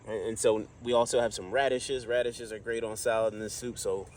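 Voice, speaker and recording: A gardener vlogger with a low-ish voice narrates outdoors, fairly quickly and with fairly even intonation. He chats casually and counts plants aloud as he goes, with slight background noise.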